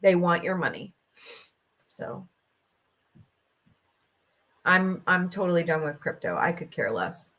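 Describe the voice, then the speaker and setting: A woman's voice: on the low side, big pitch swings, takes it slowly, long pauses, fairly bright tone. Middle-aged woman on her laptop livestream at home, emotional, venting, chatty. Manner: emotional, venting, tearful at times. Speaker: podcast host. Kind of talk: casual livestream chat. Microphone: laptop microphone.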